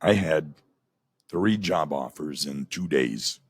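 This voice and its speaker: A man's voice: rumbling low, lively intonation, slow, slightly rough, no echo, clean studio sound. A middle-aged man, a former radio host, telling a candid personal story in a plainspoken, aggrieved way. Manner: plainspoken, aggrieved, recounts dialogue in quotes.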